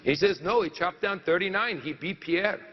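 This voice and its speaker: A man playing a boastful French lumberjack in a comic monologue, telling a story in a put-on French accent and halting as he searches for words. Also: high voice, big-room sound, dull audio. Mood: storytelling.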